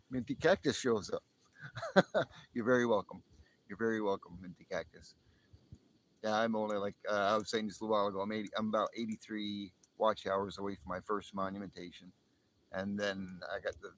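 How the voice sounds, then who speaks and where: Low-voiced guy from up by the canadian border, rambly live stream chat, laughs a lot. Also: a bit bright, a little hiss or hum, poor audio. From northern US near the Canadian border. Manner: rambling, chuckles often, restarts sentences. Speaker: livestream host.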